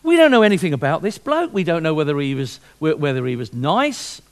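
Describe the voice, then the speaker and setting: Lively high-voiced preacher. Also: male voice, brisk. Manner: lively, with repetitions and rhetorical questions. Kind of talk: sermon.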